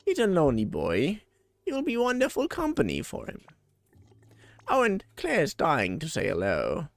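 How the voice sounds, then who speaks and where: A man's voice: a little high, wildly swooping pitch, unhurried, vocal fry, no echo, pitched above the performer's own voice, heavily acted. A man voicing an affectionate, chatty village cook in a game. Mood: fond. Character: warm older village cook who dotes on others.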